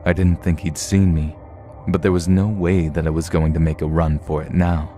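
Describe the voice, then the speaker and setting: Deep-voiced man reading horror stories. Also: faint music behind. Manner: steady, measured storytelling read. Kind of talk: scripted horror story narration.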